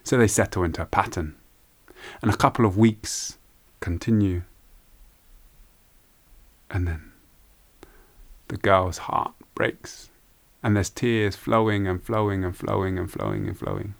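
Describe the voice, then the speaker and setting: A man telling a folk tale aloud in an unhurried, hushed way, with repeated phrases. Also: sits low, expressive, gravelly. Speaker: storyteller. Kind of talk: oral folk-tale storytelling.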